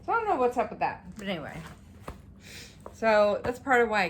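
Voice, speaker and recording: A woman vlogger chatting casually about her stitching projects, rambling and excitable, tired and yawning at times. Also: medium pitch, a little fast, long pauses, a little hiss or hum. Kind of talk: casual show-and-tell chat.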